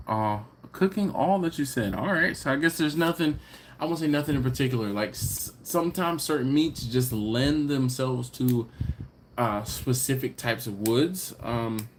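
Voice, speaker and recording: There's a little background noise behind this man's medium-pitched voice. Hosting a casual live chat stream, the Philadelphia man reads comments from viewers aloud and keeps breaking into laughter.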